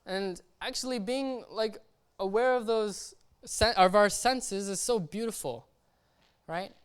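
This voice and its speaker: A man's voice: high voice, takes it slowly, smooth. Young man preaching in a chatty, slangy way. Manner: chatty, keeps checking in with "right?" and "okay?"; slangy and relaxed. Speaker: lay preacher. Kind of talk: casual sermon. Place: church service.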